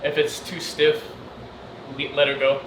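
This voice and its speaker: A man's voice: a little high, completely flat delivery, a little slow. Man in an echoey, humming kitchen. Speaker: pitmaster. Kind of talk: casual explanation at work. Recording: echoey kitchen with air conditioning hum.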